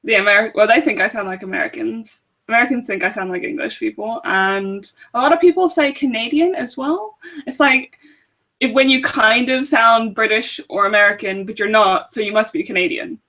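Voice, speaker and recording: Brief: young woman, slightly high voice, giggly chatty book club co-host, from South Africa. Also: fairly quick, bright, forceful tone. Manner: giggly, chatty, laughs often. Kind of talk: casual chat.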